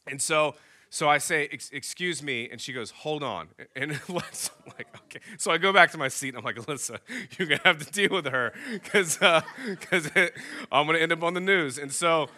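A man's voice: fairly high pitch, fairly quick. A man in his thirties, a pastor, telling a story in a sermon and acting out the dialogue. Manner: animated storyteller acting out both sides of a dialogue.

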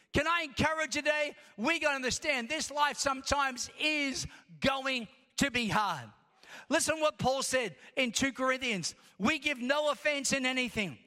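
A man preaching a sermon as pastor, impassioned and building to shouts as he reads scripture in long rhythmic lists. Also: very high-pitched. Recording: long reverb of a large hall.

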